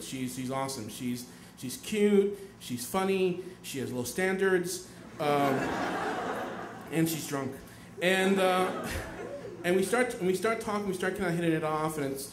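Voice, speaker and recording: A young man telling a personal story on stage, animated, swearing and acting out his own outbursts. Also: a little high, a little hiss or hum. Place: theater stage. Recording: echoey stage with faint audience ambience.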